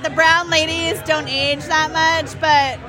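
A woman's voice: sits high, flat delivery, takes it slowly. A woman co-hosting a podcast, teasing her friend and swearing in casual chat. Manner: teasing, swearing, laughing banter. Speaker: podcast co-host. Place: bar. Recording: noisy bar with music and crowd. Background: music and crowd chatter.

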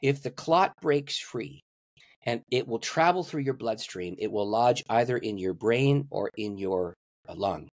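Animated older man telling a story. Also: unhurried, no room sound. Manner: animated storyteller, acts out dialogue with big pitch swings. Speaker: pastor and guest. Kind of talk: storytelling in a podcast interview.

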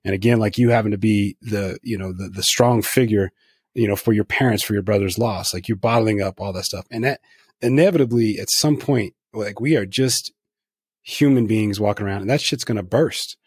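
A middle-aged man with a husky, somewhat low voice, hosting a podcast interview. He talks frankly and reflectively and swears freely. The sound is dry and close, with no room echo. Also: a little fast. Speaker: podcast host. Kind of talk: candid conversational interview.

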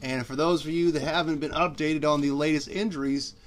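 A man's voice: a little high, fairly even intonation, fairly quick, a little hiss or hum. A man co-hosting a sports podcast in casual, playful chat, often talking up his partner. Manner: playful, talks up his co-host.

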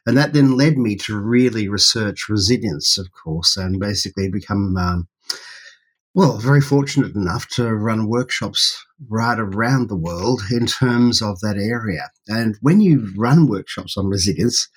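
A man's voice: fairly low pitch, a little slow, breathy edge. A man with an Australian accent, a psychologist being interviewed as a podcast guest, who answers in a jovial, storytelling way.

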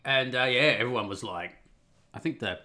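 A man's voice: mid-range voice, moderate pace, bright, forceful tone. A man telling a personal story in a casual, rambling monologue, wry and full of swearing. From Australia.

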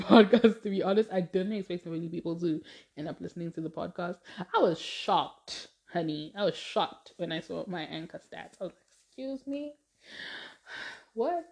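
A woman's voice: fairly low pitch, a little fast, creaky, mellow. A young woman hosting a casual solo podcast, rambling and laughing often, with many likes and restarts. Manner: chatty, rambling, laughs often, says "like" a lot. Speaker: podcast host.

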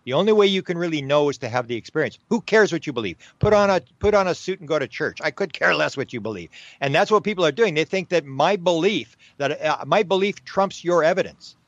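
A man talking as a guest in an interview, with a voice pitched slightly high. He talks in a lively, stop-start way, full of fillers and restarts. The recording is dry and a little dull. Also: fast talker, no room sound. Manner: animated, repeats himself, many fillers and restarts. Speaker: podcast guest. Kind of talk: casual interview talk.

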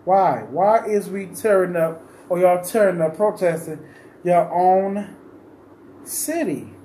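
A man's voice: high-pitched, takes it slowly, warm tone. A man in an unscripted, impassioned monologue, pleading and insistently repeating his questions, rambling with restarts as he goes. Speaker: vlogger giving his opinion. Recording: roomy echo with faint ambient noise.

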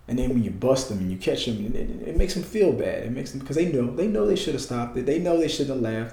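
A man's voice: medium pitch, animated, fast talker, creaky, few pauses, mellow, echoey room, slight background noise. A man talking in a casual, heated political rant, emphatic and repetitive, with frequent restarts. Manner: heated, emphatic, repeats himself, restarts often.

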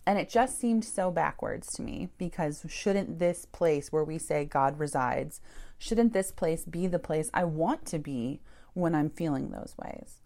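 A woman's voice: low voice, lively intonation, measured pace, gravelly, mellow. A woman who founded a church, telling her story candidly in an interview, swearing and laughing as she goes.

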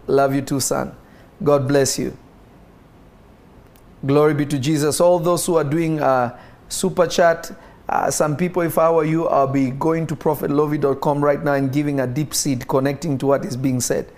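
Man preaching, slightly high voice, animated delivery, calls out to congregation. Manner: animated, calls out to listeners, acts out God's voice. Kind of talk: sermon livestreamed to an audience.

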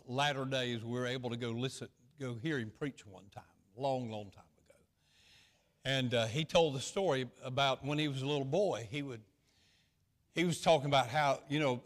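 A male pastor preaching a sermon in a folksy, repetitive way, swinging between loud stretches and hushed ones. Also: mid-range voice, long reverb tail.

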